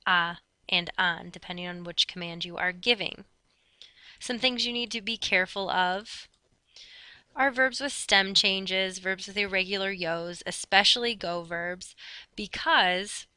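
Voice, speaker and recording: A woman teacher giving a brisk recorded review lesson, explaining step by step. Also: medium pitch, bright, forceful tone, smooth, dry recording. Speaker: Spanish teacher.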